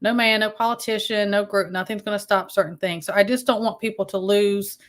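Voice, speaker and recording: A woman's voice: mid-range voice, steady tone, a little fast. Chatty woman hosting a livestream. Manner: rambling, greets chat viewers by name, frequent restarts and ums. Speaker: livestream host. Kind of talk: casual livestream chat.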